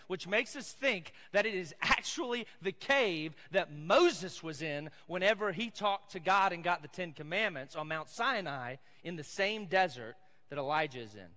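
A man preaching a sermon as pastor, emphatic and swinging between loud passages and hushed ones. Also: fairly high pitch, lively intonation, moderate pace. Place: church sanctuary. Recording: echoey hall.

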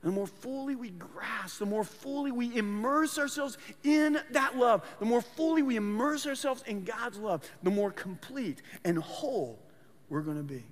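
A man's voice: very high voice, moderate pace. A man preaching a sermon as pastor, earnest, often repeating words as he restarts his phrases. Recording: long hall reverb.

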